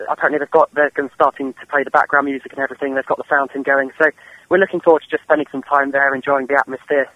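A man's voice: mid-range voice, little pitch movement, rapid-fire, no echo. A young man in his twenties from England with an English accent, calling in to a show and chatting eagerly in long run-on sentences. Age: 20s. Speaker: caller. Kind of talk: casual call-in chat. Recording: muffled phone line.

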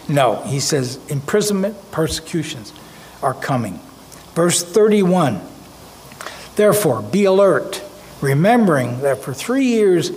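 A man's voice: fairly high pitch, slight background noise. A man preaching a sermon, reading scripture passages aloud and then commenting on them with rising emphasis.

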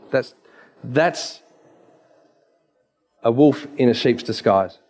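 A man's voice: medium pitch, takes it slowly, pauses often, darkish tone, soft background music. A man, a naturopath giving an emphatic, story-filled presentation with slides.

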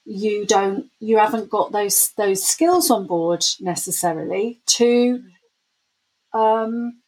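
A woman's voice: medium pitch, slow pace, a little mellow, husky, low-quality recording. A woman hosting a casual interview, encouraging her guest and thinking aloud with restarts.

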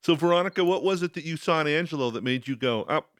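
A man's voice: fairly high pitch, quick pace, a bit bright. A man interviewing a couple, mostly giving short reactions and simple questions. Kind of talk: casual interview.

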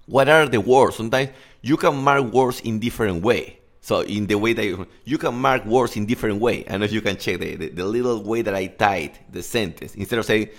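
A man's voice: lowish voice, brisk. Candid man in his thirties, native Spanish speaker. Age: 30s. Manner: candid and loose, swears, slips in Spanish asides. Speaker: English-speaking coach. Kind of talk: casual podcast monologue.

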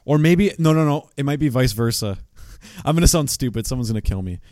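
A man's voice: medium pitch, lively intonation, brisk, dark tone, dry recording, studio quality. A man co-hosting a podcast, chatting in an easygoing, agreeable way with lots of fillers. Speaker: podcast co-host. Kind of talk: casual chat.

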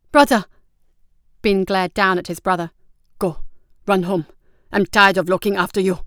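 A woman narrating an adventure story in a steady, even storytelling manner. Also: lowish voice, clean tone, dry recording, clean studio sound. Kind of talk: audiobook narration.

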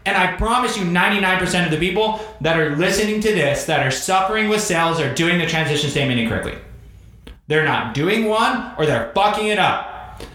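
A man in his thirties hosting a casual chat about sales, animated, swearing and acting out quotes. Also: high-pitched, fairly quick. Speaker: podcast host. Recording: very echoey room.

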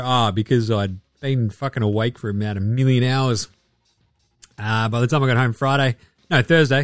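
A man's voice: fairly high pitch, no room sound, clean studio sound. An Australian man in his thirties hosting a casual sports podcast, chatty and swearing a lot as he acts out quotes. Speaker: podcast host.

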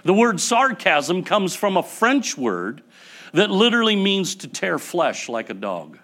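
A man preaching a sermon to his church, building up to loud passionate peaks and then dropping to quiet, soft passages. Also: high-pitched, sing-song, unhurried. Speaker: pastor.

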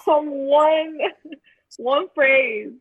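A man's voice: very high voice, very slow, a bit bright. A man joining a casual talk show with wry commentary, heard over a tinny phone-like line. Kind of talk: casual chat.

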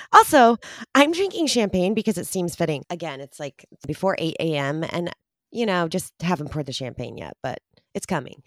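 A woman co-hosting a podcast in casual chat, bubbly and animated, often laughing. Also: fairly low pitch, moderate pace, dry recording, studio quality. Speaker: podcast co-host.

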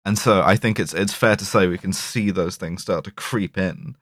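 A man's voice: low-pitched, normal speed, no echo. Guy on a movie podcast, joking around, super dry close sound. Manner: jokey, animated retelling of scenes. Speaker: podcast co-host. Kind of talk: casual chat.

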